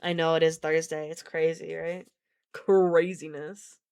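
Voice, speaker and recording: A woman with a slightly low voice reads a novel aloud to her live-stream audience. She keeps her delivery easygoing, breaking off now and then for casual, profane chatter with the viewers. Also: monotone, normal speed, gravelly, a little mellow, clear, resonant tone. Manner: casual, swears and laughs between read passages. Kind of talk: live-stream book reading with chat asides.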